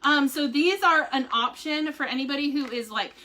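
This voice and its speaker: A woman vlogger talks to viewers on a casual live stream from home. Her voice sits high and bright, and she chats in a bubbly, rambling way with lots of ums and likes. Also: normal speed. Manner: chatty and bubbly, full of fillers like "um" and "like".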